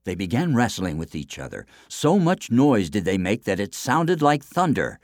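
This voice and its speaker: A man narrating a children's folk tale in an expressive storybook style. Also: lowish voice, normal speed, dry recording, studio quality. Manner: expressive, lively reading aloud.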